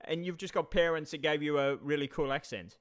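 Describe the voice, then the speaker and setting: A man's voice: a little high, brisk. A man rambling casually on a live stream, repeating himself and talking straight to his chat.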